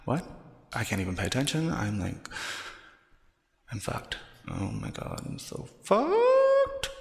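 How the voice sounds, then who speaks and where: A scheming young woman on the witness stand mutters her crude, foul-mouthed thoughts while trying to fake tears, as a man puts her on. The voice swings widely up and down and has a gravelly edge. It sits in a roomy space with a long, echoing tail. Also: mid-range voice. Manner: crude, self-mocking inner monologue full of swearing. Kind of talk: parody inner monologue. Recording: echoey room with long reverb.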